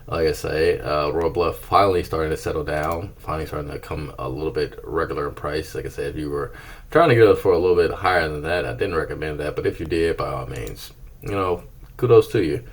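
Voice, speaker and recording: Laid-back male host, very deep husky voice, casual price rundown with silly asides. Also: fairly quick. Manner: laid-back, playful, breaks into silly singsong. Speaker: channel host reviewing card prices.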